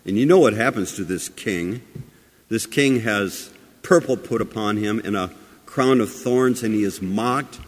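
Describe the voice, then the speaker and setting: A man with a fairly low voice delivers a sermon, asking his listeners rhetorical questions. He swings from loud, emphatic phrases to hushed asides. His voice rings with the long reverb of a large church. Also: unhurried. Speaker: pastor.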